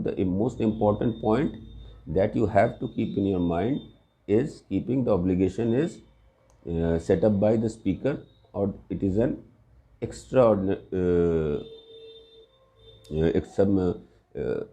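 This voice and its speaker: Low, mellow-voiced grammar teacher man. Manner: explains patiently with examples, often asks "right?". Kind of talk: recorded grammar lesson.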